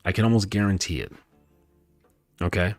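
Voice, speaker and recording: A male dating coach giving a calm, emphatic coaching talk, repeating his points and often checking in with "okay?". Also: sits low, normal speed, dry recording, faint music behind. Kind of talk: lecture-style coaching talk.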